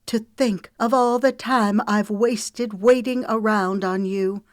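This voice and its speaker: A woman's voice: mid-range voice, measured pace, dry recording, clean studio sound, voice pushed up, close to an everyday voice. A woman voicing a hurt, fiery young red-haired woman in an audiobook reading, speaking in a raised, heated tone. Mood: angry, tearful.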